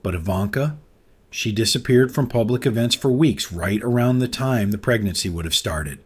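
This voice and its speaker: A man's voice: mid-range voice, expressive, normal speed, breathy edge. A man narrating a scripted story in a dramatic, suspenseful manner.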